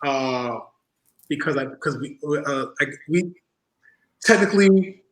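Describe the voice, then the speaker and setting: A man with a high-pitched voice tells animated stories as a guest in a casual chat, slipping into impressions of the people he talks about. The sound is roomy, with a noticeable echo around him. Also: slow. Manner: animated anecdotes, acts out other people's voices. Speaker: podcast guest, former tag team wrestler.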